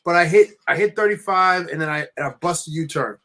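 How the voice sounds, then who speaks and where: A young man from New Jersey telling a long, rambling, animated story while building with bricks. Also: a little high, brisk. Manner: rambling, animated anecdote with many restarts. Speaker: LEGO builder streaming.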